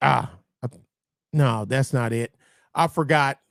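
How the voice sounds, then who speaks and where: A man's voice: mid-range voice, takes it slowly, vocal fry, fairly bright tone, no room sound, clean studio sound. A man hosting a livestream, talking bluntly and profanely in rambling commentary that keeps restarting phrases. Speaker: livestream host.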